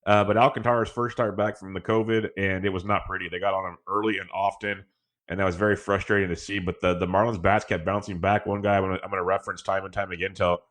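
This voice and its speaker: Fast-talking low-voiced podcast man. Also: level tone, fairly bright tone. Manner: quick, confident analysis. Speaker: podcast co-host. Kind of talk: casual sports podcast chat.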